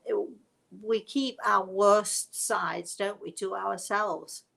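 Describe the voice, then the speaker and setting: A woman's voice: mid-range voice, steady tone, slow pace, creaky, rough recording. A British woman, a spiritual medium, telling stories to a livestream audience in a reflective, self-mocking way. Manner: reflective and warm storytelling, with self-mocking laughs. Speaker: spiritual medium hosting a live show.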